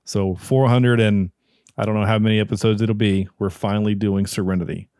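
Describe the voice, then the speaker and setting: Male podcast host, mid pitch, dry close sound, eager rambling chat. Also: steady tone, fairly quick, darkish tone, dry recording. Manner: enthusiastic, rambling with restarts. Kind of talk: casual chat.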